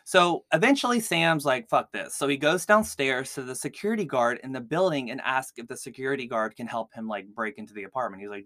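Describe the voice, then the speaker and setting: Male podcast host, mid pitch, casual filler-heavy storytelling, dry recording. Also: expressive, quick pace, few pauses, bright, forceful tone, no room sound. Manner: chatty, heavy use of "like" fillers. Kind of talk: casual true-crime storytelling.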